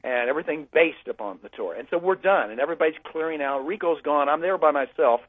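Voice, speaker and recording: A man's voice: fairly high pitch, fast, husky, no room sound. A man from the United States talking with many fillers and restarts as he tells a long story to a host, heard over a phone line. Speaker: guest speaker. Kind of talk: conversational storytelling.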